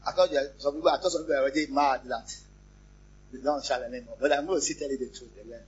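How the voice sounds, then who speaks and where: A pastor, preaching a lively sermon, repeating phrases and joking with the congregation. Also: male voice, medium pitch, very fast, breathy edge. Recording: muffled, lo-fi church recording.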